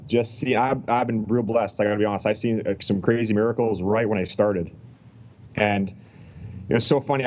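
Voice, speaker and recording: Over a rough recording, a middle-aged man from Canada talks in a mid-range voice. He's a chiropractor guest on a podcast, chatting casually and bringing his stories to life by performing the quoted lines.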